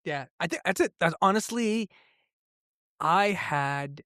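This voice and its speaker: A man who grew up in Canada as an immigrant, telling a personal story in an interview, acting out the voices of the people in it with big leaps in pitch. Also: animated, slow pace, pushed and bright, no room sound, clean studio sound. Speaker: guest, entrepreneur.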